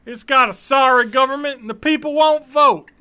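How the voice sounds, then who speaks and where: A man voicing an angry Texan man who has declared his own nation, ranting loudly in a put-on Texan accent. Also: very high-pitched, moderate pace, voice pushed up. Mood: indignant. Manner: loud, indignant ranting.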